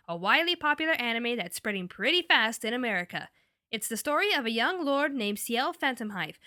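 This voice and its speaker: A woman's voice: fairly high pitch, sharp tone, no room sound, clean studio sound. Enthusiastic, chatty woman reviewing anime. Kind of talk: casual review.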